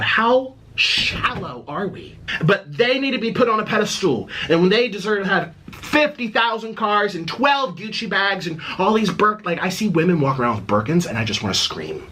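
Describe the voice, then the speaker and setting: A man's voice: high-pitched, pushed and bright, breathy edge, low-quality recording. A man ranting in a casual vlog at home, indignant and exasperated, with a sarcastic edge. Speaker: vlogger. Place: at home in his apartment.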